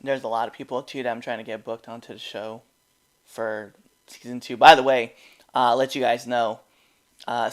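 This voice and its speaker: A man's voice: medium pitch, clear, resonant tone. A man hosting a podcast in casual chat, rambling and laughing often as he reacts to wrestling. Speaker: podcast host.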